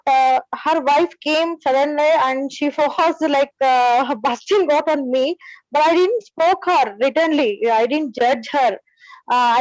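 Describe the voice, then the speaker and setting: A woman asking a question in an online class over a video call, speaking haltingly with many pauses and restarts. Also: sits high, no echo, poor audio. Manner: hesitant, full of pauses and restarts.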